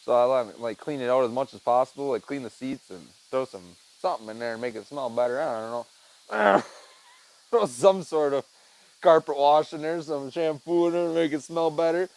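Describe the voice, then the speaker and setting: A man's voice: medium pitch, normal speed, vocal fry, darkish tone, poor audio. A tired man hosting a casual podcast on his own, rambling loosely and swearing, with "man" and "dude" dropped all through. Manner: rambling, laid-back, swears, says "man" and "dude" often. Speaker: podcast host. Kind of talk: casual solo chat. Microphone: headset mic.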